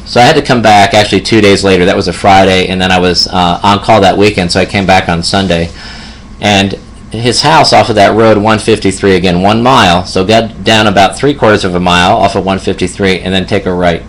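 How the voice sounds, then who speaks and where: A man's voice: low voice, steady tone, a little fast, slight background noise, rough recording. A man in his fifties, a hospice nurse, telling a personal story in a reflective way and laughing often. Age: 50s.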